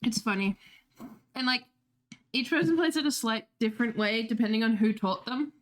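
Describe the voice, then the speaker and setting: Young female streamer, higher voice, loose chatty delivery, swears a lot. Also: normal speed. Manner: chatty, swearing, laughing asides. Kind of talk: casual livestream chat.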